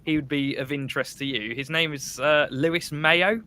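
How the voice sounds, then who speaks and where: A man hosting a casual football podcast chat among friends, chatty and quick to laugh. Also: fairly high pitch, fairly even intonation, crowd noise. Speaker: podcast host.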